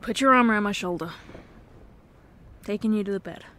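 A woman in a whispered role-play as a girlfriend, talking softly and earnestly, swinging between hushed pleading and sharp, swearing exasperation. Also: mid-range voice, brisk. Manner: swears when frustrated. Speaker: ASMR role-play performer.

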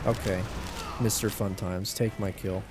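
A man's voice: low voice, steady tone, measured pace, music in the background. A man giving casual gameplay commentary as a YouTuber, rambling in a joking, self-deprecating way. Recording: game gunfire and noise over the voice.

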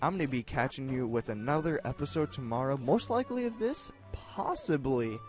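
A young man talks over his gameplay with a lively, swooping, animated voice, excitable and quick to yell at the game and then mock himself. Faint game music plays under his voice at a desk microphone. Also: mid-range voice. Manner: excitable, yells at the game, self-mocking. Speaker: gaming video host. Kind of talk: let's play commentary.

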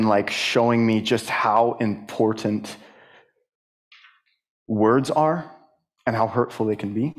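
Young man, mid-pitched voice, church testimony, halting, many fillers, rises with emphasis. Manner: rises higher and more emphatic when stirred. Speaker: church speaker. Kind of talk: personal testimony sermon.

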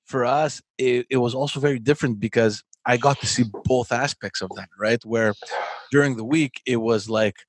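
Calm man chatting on a podcast. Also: medium pitch, normal speed, no echo. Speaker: podcast co-host. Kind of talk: casual chat.

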